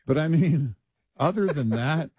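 A man from Texas co-hosting a late-night radio talk show, incredulous and animated as he tells stories. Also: on the high side, a little slow, slightly rough, no room sound, studio quality.

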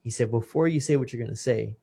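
A man, a retired boxer, is a guest in a casual chat. He tells an emotional personal story with deep feeling. His voice sits at an ordinary middle pitch. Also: fast talker, vocal fry, dark tone, breathy edge. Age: 30s. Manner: emotional, earnest, quotes others' words.

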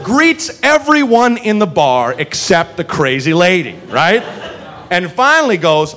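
A male stand-up comedian telling a story on a club stage, animated, with shouty punchlines. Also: sits high, a little slow. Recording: live club recording with crowd noise. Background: laughing audience.

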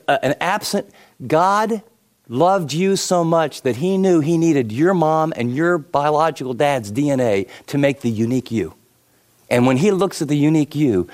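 A man pastor preaching a sermon, telling stories in an animated way with frequent fillers. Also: fairly high pitch.

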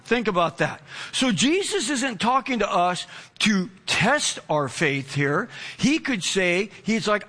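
High, bright-voiced animated male preacher. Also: slow pace. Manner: animated, acts out dialogue, swings between excited and hushed. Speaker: pastor. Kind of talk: sermon with storytelling.

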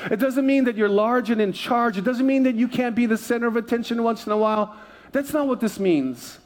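A male pastor with a very high voice preaches a sermon at a fairly quick clip. He mixes humorous stories with repeated phrases and calls out to the congregation, asking them for responses.

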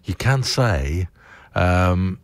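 A man's voice: deep voice, animated, extremely slow, dry recording. A man presenting a morning radio show, rambling casually with chuckles and self-mocking asides. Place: radio studio.

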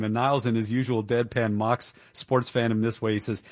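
A man's voice: medium pitch, level tone, brisk, few pauses, no echo. Indignant male talk radio host, dry sound. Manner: indignant, emphatic, with chuckles. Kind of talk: opinionated political commentary.

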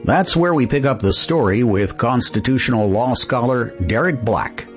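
A man hosting a radio show, asking calm, curious questions and reading scripted narration. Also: medium pitch, moderate pace, soft background music.

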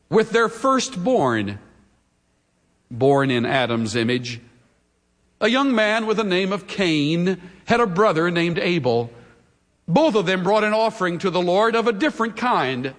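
A man preaching a sermon as pastor, with dramatic pauses that build to emphatic peaks. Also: fairly high pitch, fairly bright tone, big-room sound.

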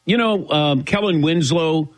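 A man's voice: fairly high pitch, unhurried. A middle-aged man hosting a sports talk show, telling a self-mocking story, lightheaded and acting out the people he quotes. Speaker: sports radio host. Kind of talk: casual talk show chat.

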